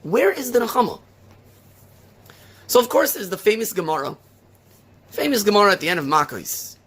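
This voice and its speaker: A male rabbi preaching a sermon, firing off rhetorical questions and retelling a story with lively emphasis. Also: high voice, normal speed, husky.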